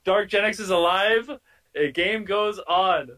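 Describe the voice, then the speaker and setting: A man's voice: sits high, unhurried, bright, forceful tone, slight background noise, low-quality recording. A man moderating a party game over a video call, playful and theatrical, drawing out his announcements.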